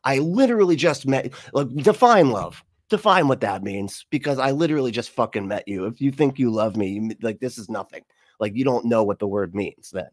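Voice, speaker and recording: A man's voice: lowish voice, expressive, a little fast, dry recording, clean studio sound. A man hosting a casual reaction show, rambling and sarcastic, swearing freely and laughing at what he watches. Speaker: host.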